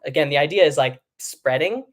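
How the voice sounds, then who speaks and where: A young man who is a vocal coach, teaching a live online singing lesson in a relaxed, explaining way and breaking into short sung demonstrations. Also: a little high, fairly quick.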